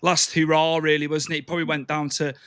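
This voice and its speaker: A man's voice: fairly high pitch, monotone, quick pace, a bit bright, clean tone, no room sound. A man hosting a podcast, chatting casually and keenly joining in with shared memories. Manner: chatty, eager to agree and chime in. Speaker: podcast host. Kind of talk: casual chat.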